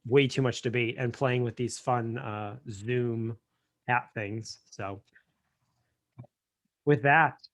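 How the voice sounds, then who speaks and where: A man's voice: mid-range voice, fairly even intonation, slow, long pauses, fairly bright tone. American guy co-hosting a casual podcast chat; playful, restarts sentences a lot; call mic. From United States. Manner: jokey, stumbling over his words. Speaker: podcast co-host.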